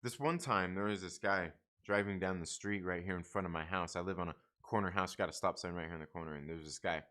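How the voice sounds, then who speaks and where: A middle-aged man hosting a casual comic book channel livestream speaks at a quick pace in a voice that sits low but has a fairly bright tone. He's blunt and profane, rambling and restarting often.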